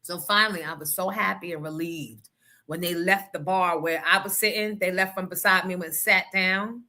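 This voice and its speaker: A woman hosting a radio show, telling a story in a loud, animated, profane and blunt way. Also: lowish voice, moderate pace. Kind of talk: casual storytelling rant.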